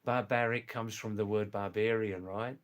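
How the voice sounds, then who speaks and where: An older retired man from England and Australia, hosting a live stream, reading viewer comments aloud in a slow, gentle, repetitive way. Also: lowish voice, steady tone. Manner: slow, gentle and repetitive, often says "you know" and "yes".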